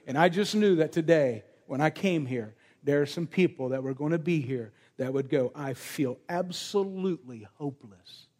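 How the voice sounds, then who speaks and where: This man's fairly high, slightly mellow voice moves at a moderate pace with few pauses, echoing as if in a large hall. He prays and ministers prophetically within a sermon to a congregation gathered in a meeting room, driving his words with emphatic repetition.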